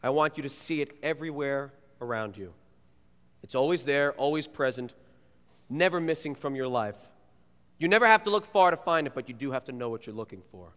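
A man, a youth pastor, preaching a sermon and telling stories in an animated, playful way. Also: medium pitch, brisk. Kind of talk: sermon with personal storytelling. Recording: long reverb of a large hall.

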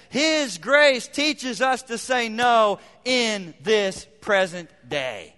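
A male pastor preaches to his congregation, driving points home by repeating them. His voice sits high and sounds bright and forceful. The sound carries a long reverb from the church hall. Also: lively intonation, slow pace, hardly any pauses, clear, resonant tone. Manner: emphatic, repeats phrases for effect. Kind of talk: sermon. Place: church sanctuary.

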